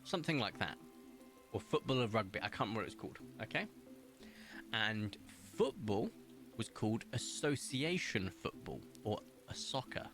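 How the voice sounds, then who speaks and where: A British man chatting his way through a game stream, his pitch swinging up and down as he rambles and laughs. He reads viewer comments aloud in a loose, friendly way. Quiet game music plays underneath. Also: big pitch swings, moderate pace. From Britain. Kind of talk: casual live-stream chat while gaming.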